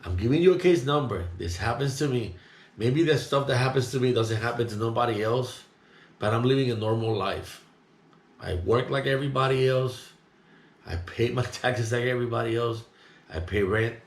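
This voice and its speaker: A middle-aged man telling a story in a rambling, indignant way, talking loud. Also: medium pitch, moderate pace. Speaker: vlogger. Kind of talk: casual monologue, recounting an incident. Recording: roomy echo.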